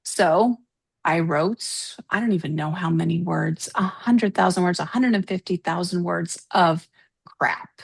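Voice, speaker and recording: A woman who writes novels, co-hosting a casual podcast and telling stories in an animated, emotional way. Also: mid-range voice, moderate pace, gravelly, husky. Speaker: podcast co-host. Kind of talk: casual chat.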